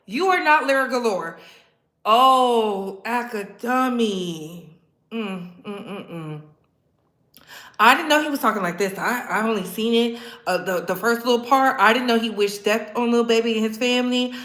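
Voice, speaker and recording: A woman's voice: on the high side, normal speed, fairly bright tone, roomy sound. A woman hosting a pop culture commentary show, reacting with sass and emphatic remarks. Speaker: commentary host.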